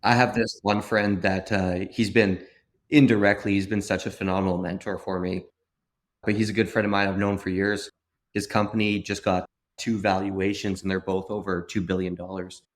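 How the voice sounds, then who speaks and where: A male podcast guest with a deep, low voice speaks casually and enthusiastically. He tells anecdotes, often filling his sentences with "like" and "man.". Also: little pitch movement, moderate pace. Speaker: podcast guest, business owner. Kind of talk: casual conversational interview.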